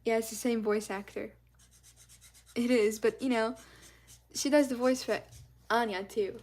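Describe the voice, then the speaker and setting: A woman's voice: fairly high pitch, fairly even intonation, a little slow, a little mellow. A woman streaming live as she colors, chatting in a rambling, casual way and thanking her viewers often.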